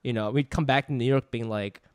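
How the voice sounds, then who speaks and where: A man co-hosting a podcast who chats casually and excitedly, quick to chime in. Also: medium pitch, clear, resonant tone, no room sound, studio quality. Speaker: podcast co-host. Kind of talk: casual chat.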